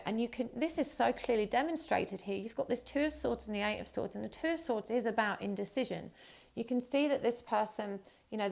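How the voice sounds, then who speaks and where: A tarot reader with a slightly high, creaky voice talks directly to her viewers in a chatty, warm-hearted reading. Her speech is casual and full of fillers like um and you know.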